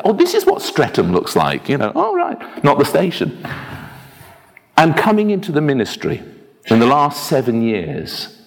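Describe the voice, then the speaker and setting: A man preaching a sermon as a minister, telling anecdotes in a lively, self-deprecating way. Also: medium pitch. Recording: long reverb of a church hall.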